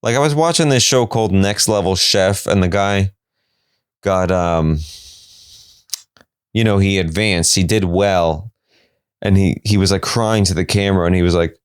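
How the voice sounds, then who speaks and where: A man hosting his own podcast, talking through a comedic solo monologue and jumping into high, silly voices whenever he quotes someone. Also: normal speed, pauses often, smooth, no echo, clean studio sound. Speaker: podcast host.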